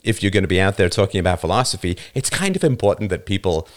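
A man's voice: low voice, big pitch swings, fast talker. A man in his fifties hosting a live show, lecturing a listener in an emphatic, argumentative way with the odd chuckle. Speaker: livestream show host. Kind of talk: live show talk answering listener comments.

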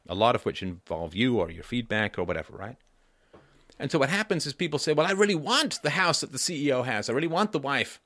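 A man in his fifties hosting a solo livestream, talking in a lively way and jumping up in pitch for emphasis and mock voices. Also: dry recording, studio quality. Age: 50s. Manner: rhetorical repeats, asks "right?". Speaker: livestream host. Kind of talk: solo political commentary.

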